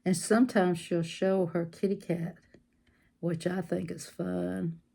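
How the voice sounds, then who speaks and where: A woman's voice: on the low side, flat delivery, slow pace, creaky, mellow. A woman, hosting a casual craft livestream, hyper and giggly, chatting while she works on a diamond painting. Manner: giggly, sings silly made-up songs, animal noises.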